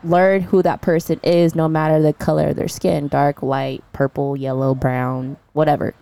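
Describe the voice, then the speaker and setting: A woman with a low voice co-hosting a podcast. She talks earnestly and at length, often pausing to search for the right word. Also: level tone, gravelly, warm tone. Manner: earnest, rambling, searches for words. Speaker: podcast co-host. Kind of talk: casual chat.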